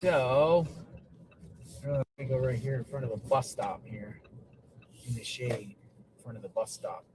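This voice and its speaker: A man's voice: medium pitch, fairly even intonation, a little slow. Chatty man live-streaming outdoors. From Florida. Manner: chatty, encouraging, thinks aloud. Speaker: livestream host. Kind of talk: casual live chat. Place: outdoors by a city street. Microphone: phone livestream. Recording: noisy outdoor phone recording.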